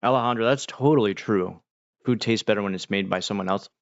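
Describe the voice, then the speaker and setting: A man hosting a casual livestream, talking to chat in a relaxed, rambling way with many fillers. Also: lowish voice, quick pace, gravelly, dry recording. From United States. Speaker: livestream host. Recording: dull, dry mic sound.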